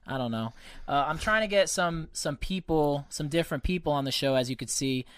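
A man's voice: fairly high pitch, fairly quick, smooth, no room sound, clean studio sound. A man hosting a podcast from home, telling stories in casual chat, cursing freely and acting out the people he quotes. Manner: profane, animated storyteller acting out quotes. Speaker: podcast host.

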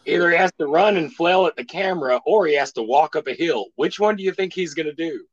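A man's voice: on the high side, animated, lo-fi sound. A man co-hosting a podcast, teasing wryly and laughing easily. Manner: wry teasing, quick to laugh. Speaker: podcast co-host. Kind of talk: casual podcast banter.

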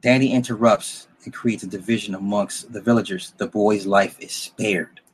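A man's voice: fairly low pitch, fairly even intonation, moderate pace, husky. A man recapping a film's plot in a loose, rambling way, blunt and profane, with frequent restarts and asides to the listener. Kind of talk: casual spoken story recap.

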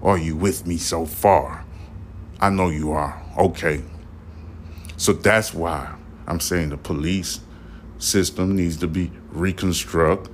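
A man's voice: sits low, steady tone, slow, a little hiss or hum. Slurring, repetitive man commentating. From Brooklyn, New York. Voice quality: slightly slurred speech. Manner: repetitive, emphatic, rhetorical questions. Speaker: podcast host. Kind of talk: spoken news commentary.

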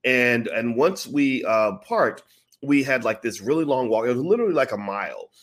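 Speaking at a moderate pace in a mid-range voice, a man relays a lengthy personal story in a relaxed, profane, animated way, doing impressions of each person he quotes.

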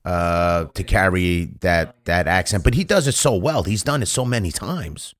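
Very low-voiced guy hosting a podcast, easygoing, lots of yeahs. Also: moderate pace. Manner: easygoing, short agreeing replies. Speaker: podcast host. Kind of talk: casual podcast conversation.

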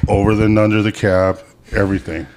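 A man's voice: fairly low pitch, steady tone, fast talker, darkish tone, a little hiss or hum. A man who is a guest on a podcast, telling profane work stories in casual chat and laughing at his own punchlines.

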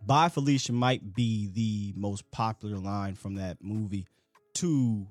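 A man's voice: lowish voice, dry recording, faint music behind. A man hosting a live fan call-in show, chatting casually and talkatively with callers. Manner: animated, talkative, quick asides.

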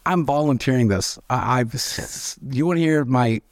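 A man, telling candid stories as an interview guest, animated and swearing freely as he acts out quoted voices. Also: medium pitch, moderate pace, dry recording, clean studio sound. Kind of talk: candid storytelling.

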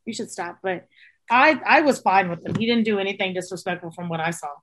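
A woman's voice: mid-range voice, quick pace, slight background noise. A woman from South Texas, a podcast guest, telling stories in casual chat, swearing freely and acting out quoted voices. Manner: animated storyteller, acts out quotes, swears freely.

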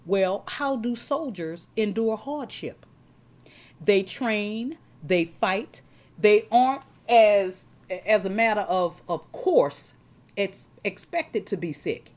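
A woman's voice: medium pitch, lively intonation, slow, a little mellow. A woman preaching a sermon, repeating words as she talks and checking in with her congregation.

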